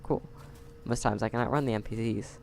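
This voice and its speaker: A gravelly-voiced man gives chatty, sarcastic let's-play commentary into a close mic at home. His pitch sits mid-range, and a faint hiss lies under it. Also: fairly even intonation, a little fast, darkish tone. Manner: wry, chatty, sarcastic asides and laughs. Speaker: game player. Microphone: close desk mic.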